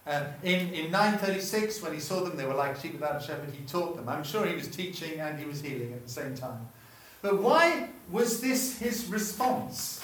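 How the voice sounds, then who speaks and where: A man's voice: a little high, expressive, normal speed, hardly any pauses, a bit bright, slight background noise. A man preaching a sermon, chatty and often stopping himself mid-sentence to put questions to the congregation. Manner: chatty, self-interrupting, asks the room questions. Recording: echoey room, voice from far off.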